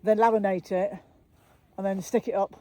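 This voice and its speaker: A woman's voice: medium pitch, fairly even intonation, fast, mellow, no echo. A woman in her fifties, a park ranger, chatting outdoors at night in a blunt, teasing way. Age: 50s. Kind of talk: casual chat.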